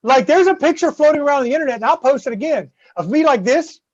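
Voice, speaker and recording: A man with a Southern US accent, swearing freely as he tells an animated story in casual podcast chat. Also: very high voice, fast, no echo. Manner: profane, animated storyteller with many "right?" tags. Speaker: guest co-host. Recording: slightly dull lo-fi dry sound.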